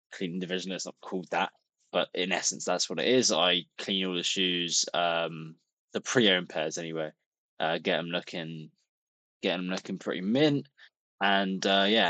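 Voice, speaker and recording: A man's voice: low voice, a bit bright, no room sound. A young man, talking casually to camera in a rambling, chatty vlog, full of restarts and the odd swear. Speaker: vlogger.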